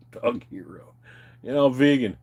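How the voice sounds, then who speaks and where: A man's voice: mid-range voice, animated, a little slow, darkish tone, slightly rough. A middle-aged man rambling through crude, profane stories in a casual way, laughing often and mimicking other people. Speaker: streamer telling stories.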